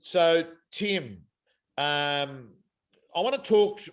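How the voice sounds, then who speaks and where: Aussie host, bit higher voice, energetic, lots of tag questions. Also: male voice, very slow. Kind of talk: casual coaching chat.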